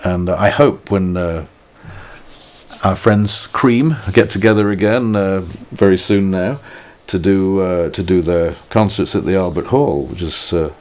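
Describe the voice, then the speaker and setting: This older British man, a musician being interviewed, has a low, darkish voice and keeps a measured pace. He reflects thoughtfully with wry self-mockery, frequently restarting sentences in the relaxed conversation.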